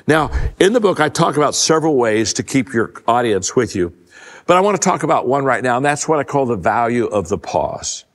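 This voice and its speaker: An older man giving a conversational leadership talk to a live audience, a folksy storyteller who restarts his sentences often and drops his voice low to stress a point. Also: very animated, fairly quick. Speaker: leadership speaker. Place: large event hall. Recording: long hall reverb.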